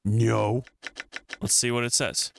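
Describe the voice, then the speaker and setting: Man, game streamer, casual, thinking aloud, low-pitched, faint room noise behind. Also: little pitch movement, takes it slowly, creaky. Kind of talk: let's play commentary, reading game text aloud.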